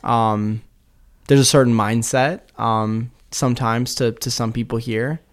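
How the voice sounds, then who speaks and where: A man's voice: mid-range voice, fairly even intonation, measured pace. A young man in his twenties, a podcast guest, chatting casually, rambling with fillers and laughing at himself. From Kent County, Maryland. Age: 20s. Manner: giggly, self-deprecating, rambling with fillers.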